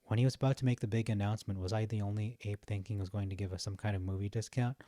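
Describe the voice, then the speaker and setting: Casting note: young male vlogger, chatty and easygoing, low mellow voice, dry close sound. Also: fairly even intonation, very fast, dry recording. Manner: chatty, laughs at his own jokes, frequent fillers. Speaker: stock market vlogger. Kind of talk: casual rambling commentary while browsing.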